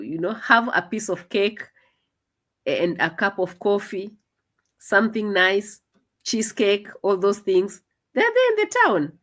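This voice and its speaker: Animated woman doing commentary. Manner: animated, mocking, jumps into high mimicking voices. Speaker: reaction commentator. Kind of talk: casual commentary.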